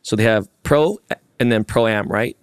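A man co-hosting a golf podcast, telling animated stories and acting out the lines of the people in them. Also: fairly low pitch, unhurried, clear, resonant tone, no room sound, studio quality. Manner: animated storyteller acting out quotes. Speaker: podcast co-host. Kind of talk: casual storytelling. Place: golf course.

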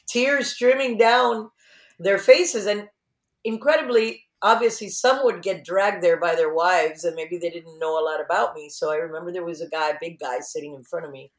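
Lively woman telling stories in an echoey room. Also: on the low side. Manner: animated storyteller, acts out quotes. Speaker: interview guest, singer. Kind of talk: casual interview chat.

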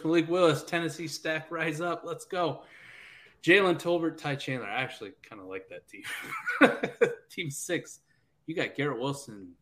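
A man's voice: medium pitch, fairly bright tone. A man co-hosting a casual podcast, laughing often as he runs through lists. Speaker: podcast co-host.

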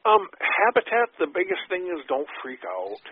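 A man's voice: high voice, huge pitch swings, moderate pace, a little hiss or hum. A man giving folksy, rambling answers as a guest in a podcast interview, with sarcastic asides and many digressions. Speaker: guest habitat expert. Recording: tinny phone line.

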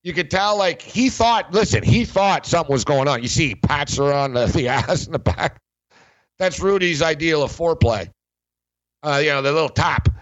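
A man's voice: fairly high pitch, moderate pace, fairly bright tone, no room sound, dull audio. A man hosting a sports podcast, chatting casually in a rambling way with lots of fillers and frequent laughs. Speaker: sports betting podcast host. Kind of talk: casual chat.

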